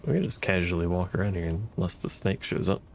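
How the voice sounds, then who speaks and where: Gaming streamer, man, low voice with a gravelly edge, dry and cussing commentary. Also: lively intonation, fast talker, background noise. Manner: wry, profane, talks to enemies. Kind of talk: casual gameplay commentary.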